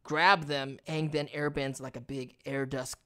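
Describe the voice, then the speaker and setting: A man's voice: mid-range voice, flat delivery, measured pace, bright, forceful tone. A man co-hosting a casual podcast, retelling a cartoon episode with laid-back storytelling and playful sound effects. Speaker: podcast co-host. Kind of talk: casual TV recap chat.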